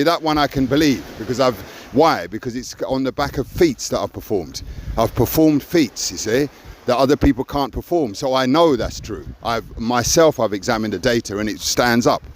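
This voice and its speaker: An older man talking earnestly in a raw personal conversation, stressing points with "you see". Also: mid-range voice. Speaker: podcast co-host.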